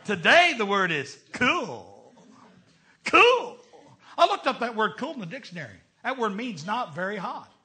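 A man's voice: sits high, big pitch swings, a little slow, bright, forceful tone. An older man preaching a sermon, folksy and humorous in his storytelling. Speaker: pastor.

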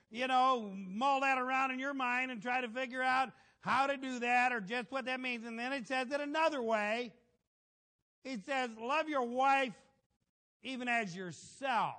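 A middle-aged man preaching a folksy, animated sermon, asking the congregation for amens. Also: very high voice.

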